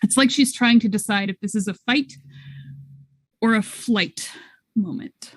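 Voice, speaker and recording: Slow, deliberate woman storyteller. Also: medium pitch, fairly bright tone, no room sound. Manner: slow, deliberate scene-setting. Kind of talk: narrating a tabletop game.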